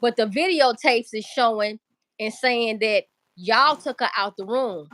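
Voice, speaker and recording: A woman's voice: a little high, measured pace, a bit bright, no room sound. A woman commenting on clips in a casual, emphatic way, repeating her points and swearing freely.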